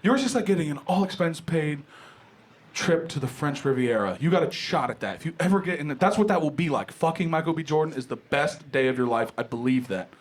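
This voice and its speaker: A young man from Ohio doing a stand-up comedy set in a club, animated and conversational, acting out other people's voices. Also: a little high, brisk. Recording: live club recording with loud crowd noise. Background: loud audience laughter.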